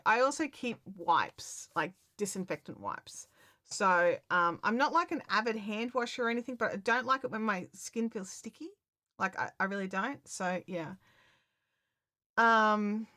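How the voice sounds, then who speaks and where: A woman chatting casually to her viewers on a live stream, excitable and full of fillers and restarts. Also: mid-range voice, dry recording, studio quality. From Australia.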